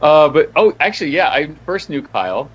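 A man's voice: a little high, sing-song, normal speed, husky, muffled recording. A male voice actor guesting on a podcast, telling jokey stories with constant laughter. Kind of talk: casual chat.

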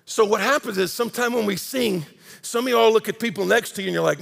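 Gravelly high-voiced preacher in a reverberant sanctuary. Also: male voice, lively intonation, fairly quick. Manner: impassioned, swings from loud emphasis to hushed intensity. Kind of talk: sermon. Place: large church sanctuary. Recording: long hall reverb.

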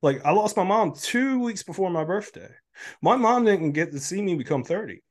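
A man in his thirties talks as a guest on a casual podcast, his voice sitting a little high for a man. He is candid and loose, leaning on "like" and "um", and his voice gets emotional at times. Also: expressive, moderate pace. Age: 30s. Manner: candid, filler-heavy, many "like" and "um". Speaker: health coach guest.

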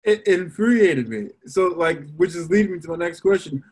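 A young adult man and podcast co-host, telling parenting stories in a rambling, animated way with many fillers. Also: fairly high pitch, moderate pace, breathy edge. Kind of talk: casual chat.

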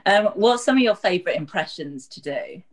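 A woman's voice: fairly low pitch, expressive, a little fast. A woman hosting a casual podcast interview, asking questions full of fillers and "like". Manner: filler-heavy, lots of "like". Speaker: host.

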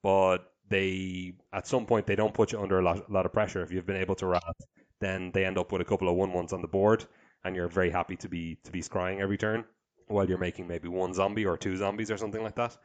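A man in a casual card-game strategy chat, thinking aloud in a measured way with small hesitations. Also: deep voice, flat delivery, dull audio.

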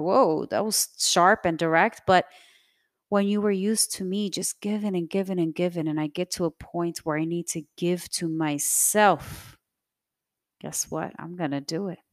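A woman in her thirties hosting her own podcast, talking in an earnest, motivational way with soft breathy asides. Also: lowish voice, no echo, clean studio sound. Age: 30s. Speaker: podcast host. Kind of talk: reflective solo podcast talk.

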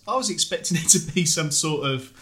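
A man's voice: a little high, expressive, fairly quick, pushed and bright. British man interviewing, conversational. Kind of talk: casual interview chat.

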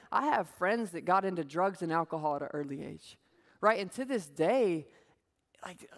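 A man giving a humorous, animated sermon, telling a story and acting out voices. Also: high-pitched, in a large hall. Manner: animated, jokey, acts out voices.

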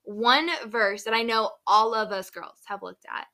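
A woman's voice: mid-range voice, fairly even intonation, unhurried, bright, forceful tone. A young woman hosting a casual faith podcast, chatty and upbeat, saying "like" a lot. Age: young adult. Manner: chatty, heavy use of "like", upbeat. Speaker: podcast host.

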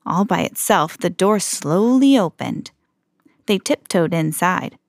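A woman hosting a read-aloud podcast, reading a children's storybook and slowing down for the suspenseful moments. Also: lowish voice, lively intonation, gravelly, dry recording, clean studio sound. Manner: slows down and swells for dramatic moments.

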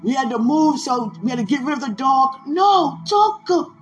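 A woman's voice: high-pitched, fairly quick, muffled recording, faint music behind. A woman podcast host telling a personal faith testimony in an emotional way, with pleading repetitions.

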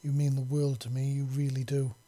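A man voicing a scarred young human man who speaks softly. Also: medium pitch, flat delivery, fairly quick, close to an everyday voice. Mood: grateful. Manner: soft-spoken.

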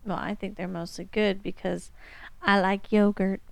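A woman's voice: mid-range voice, level tone, moderate pace, vocal fry, dry recording. A woman co-host chatting casually, asking curious questions and joking playfully. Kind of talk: casual chat.

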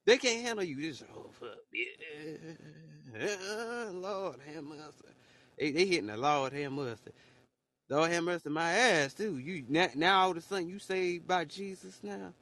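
A man talks in a loose, profane rant, his voice bright and fairly high for a man. He stumbles and repeats words as he goes. It sounds like a solo recording made as a voice message. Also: animated, a little slow. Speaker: podcaster. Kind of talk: casual monologue rant.

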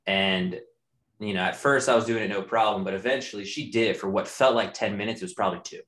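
Young man, low voice, candid and profane casual storyteller; echoey room. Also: fast talker, a bit bright. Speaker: guest telling a personal story. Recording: roomy echo.

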